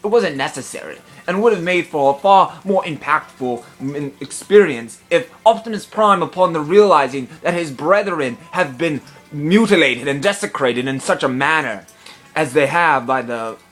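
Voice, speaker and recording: A man giving a comedic film review in a pompous, affected gentlemanly put-on voice, indignant and long-winded. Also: a little high. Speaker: movie reviewer.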